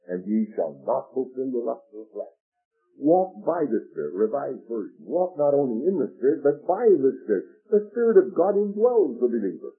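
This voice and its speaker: A man's voice: fairly high pitch, very animated, normal speed, slightly rough. A man preaching a sermon, reading scripture aloud and asking the listeners rhetorical questions. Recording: tinny lo-fi old radio broadcast.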